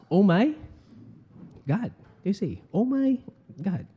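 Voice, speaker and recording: A man with a Filipino accent preaching a sermon in a church hall, animated and acting out everyday exclamations. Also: a little high. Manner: animated, switching between English and Tagalog, acting out exclamations. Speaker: pastor.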